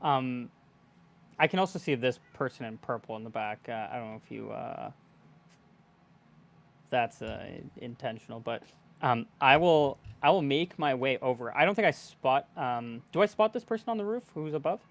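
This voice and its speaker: A man's voice: medium pitch, lively intonation, normal speed. A man playing a tabletop game, talking hesitantly and rambling, with frequent laughs. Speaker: player. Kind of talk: casual tabletop game play.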